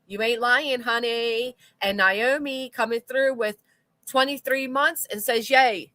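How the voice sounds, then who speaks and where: A woman's voice: on the high side, fairly even intonation, measured pace, bright, forceful tone, no room sound. A woman hosting a livestream, reading chat comments aloud with blunt, sarcastic commentary and casual swearing. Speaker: commentary channel host.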